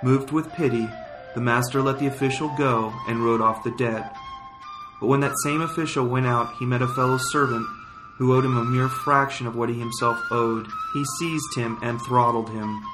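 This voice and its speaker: A man reading scripture and prayers as a liturgical reader, in solemn, measured phrases. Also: mid-range voice, fairly even intonation. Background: flute music.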